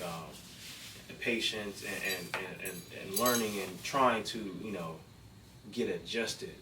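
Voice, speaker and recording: A man on a podcast talking in casual chat, halting with many fillers and repeated words. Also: sits low, a bit bright. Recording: roomy, distant mic with faint noise.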